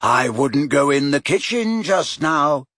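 A man voicing a brisk teenage girl who speaks in a wry, warning tone. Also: on the high side, expressive, fairly bright tone, no echo, studio quality, pitched above the performer's own voice.

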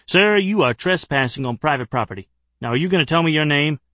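A man's voice: fairly high pitch, animated, fast talker, bright, forceful tone, no echo, studio quality, pitched above the performer's own voice. A man voicing a suspicious, self-important heavyset security guard who talks in a sullen, stubborn way. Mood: officious.

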